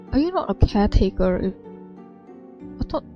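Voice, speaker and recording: A woman's voice: mid-range voice, lo-fi sound. A woman chatting casually over a game she plays, musing aloud and laughing often. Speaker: game streamer. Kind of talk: casual gameplay commentary.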